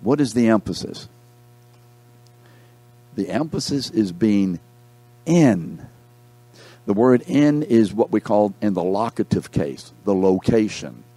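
A man's voice: lowish voice, unhurried, mellow, dry recording. A man teaching a Bible lesson, reading verses aloud and stopping to quiz his students, repeating key words for emphasis. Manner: reads scripture aloud, breaks off to quiz the class.

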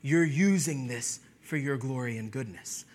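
A man preaching a sermon in a church, swinging between loud emphatic declarations and hushed, whispered lines. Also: mid-range voice, unhurried. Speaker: pastor.

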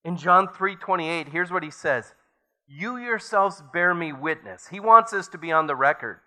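A man's voice: a little high, lively intonation, moderate pace, pushed and bright. A man preaching a sermon as pastor, reading scripture aloud and building to emphatic points.

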